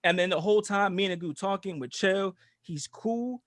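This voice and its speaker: High-voiced man telling animated stories. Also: normal speed, dry recording. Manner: animated, profane, laughing storyteller. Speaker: podcast co-host. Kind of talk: casual storytelling chat.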